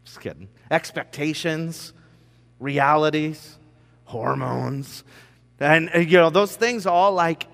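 A man's voice: on the high side, slow, vocal fry, fairly bright tone, in a large hall. A man telling humorous stories to students in a conversational, self-deprecating way, with joking asides. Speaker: speaker addressing students. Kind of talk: humorous storytelling talk.

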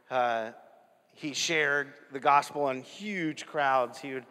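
A man preaching with a fairly high voice, animated and chatty, breaking into laughter as he makes his points. The sermon rings through a hall with a long, trailing reverb. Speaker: pastor.

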